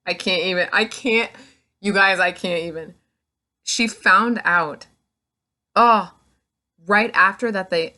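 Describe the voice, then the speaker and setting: A woman's voice: medium pitch, bright, forceful tone. A woman reviewing a book, recapping the plot in a gushing, casual way, full of "like". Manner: gushing, filler-heavy, full of "like".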